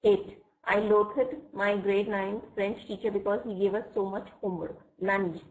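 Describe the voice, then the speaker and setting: Woman, online English teacher, mid-pitched, patient and slow, checks in often, computer mic. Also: level tone, rough recording. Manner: patient, explains words slowly and checks "okay?" often. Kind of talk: live online class.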